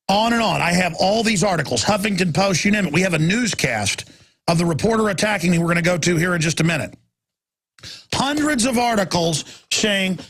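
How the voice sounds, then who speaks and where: Fired-up radio host guy ranting, husky rough voice, loud then low. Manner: ranting, swings between loud outbursts and low asides. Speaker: radio talk show host. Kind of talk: impassioned talk radio monologue.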